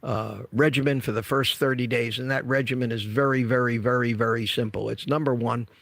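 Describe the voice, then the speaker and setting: A man's voice: mid-range voice, steady tone, a little fast, gravelly, fairly bright tone, dry recording. A man in his seventies who hosts a health channel, giving direct, emphatic, somewhat repetitive advice in casual livestream talk. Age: 70s.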